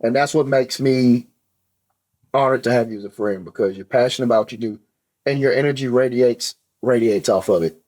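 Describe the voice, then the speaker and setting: A man hosting a podcast in a relaxed, encouraging way, often adding "man" to his sentences. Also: medium pitch, a little fast. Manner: laid-back and encouraging, says "man" a lot. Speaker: podcast host. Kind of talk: casual chat.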